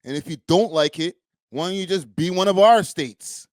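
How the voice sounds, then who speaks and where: A man's voice: high voice, moderate pace, darkish tone, no echo, lightly acted. Man doing a smug male president, taunting, condescending, dry close sound.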